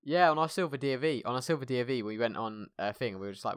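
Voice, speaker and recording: A man's voice: medium pitch, animated, fast, clear, resonant tone, no room sound, studio quality. A young English man co-hosting a podcast, rambling and hesitant in casual banter. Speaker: podcast co-host.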